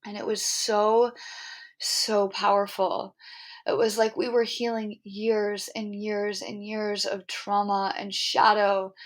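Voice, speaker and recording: A young adult woman hosting a podcast, telling a personal story in an earnest, animated way, full of "like" and "um". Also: medium pitch, takes it slowly. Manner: earnest, animated, heavy use of "like" and "um". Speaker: podcast host.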